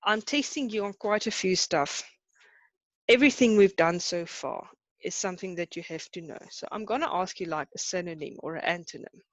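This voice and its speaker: A woman with a South African accent teaching an online class, chatty and brisk, hurrying her students along. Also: on the low side, no echo. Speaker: Afrikaans teacher.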